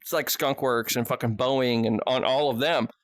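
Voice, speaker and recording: A man spins a rambling story in a casual podcast conversation, peppering nearly every sentence with swearing and restarting his thoughts. His voice sits in a middle pitch, and the recording is dry and close with no room sound. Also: steady tone, normal speed, no echo. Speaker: podcast guest or host.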